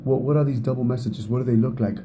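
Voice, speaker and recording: A man's voice: medium pitch, steady tone, fast talker, background noise. A man giving a casual talk on relationships, speaking in a conversational way, often repeating words and laughing at himself.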